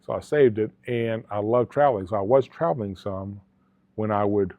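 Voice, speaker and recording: Earnest and prone to rambling and restarting, a middle-aged man from Alabama tells stories as a guest in a casual interview; he's a former police officer who also owns a travel agency. His voice sits lowish at a moderate pace. The recording has no echo and sounds dry and tinny, like a phone call.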